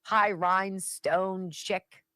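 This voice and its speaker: A woman's voice: mid-range voice, fairly even intonation, drawn-out words, sharp tone, no room sound. A woman hosting a talk radio show, giving sarcastic political commentary and chatting with her live audience. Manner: sarcastic and chatty, drops to asides.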